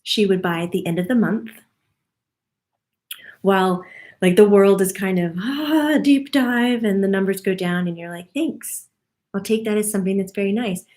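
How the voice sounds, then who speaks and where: A woman's voice: mid-range voice, darkish tone. A woman working as a medium, casually passing on a spirit guide's monthly forecast, chatty and given to laughing. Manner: chatty, laughs often, relays what the guide says.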